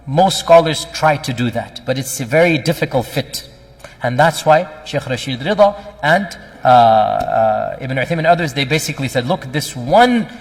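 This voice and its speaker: Man giving an explanatory religious lecture. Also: on the high side. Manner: explanatory, with Arabic terms and frequent fillers. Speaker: Islamic lecturer. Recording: long reverb with faint music.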